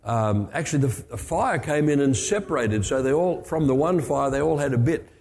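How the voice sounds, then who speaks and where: An older man preaches a storytelling sermon in a warm, mellow voice, with chatty asides and restarts. His words ring out with a long hall reverb. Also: mid-range voice, animated, a little fast.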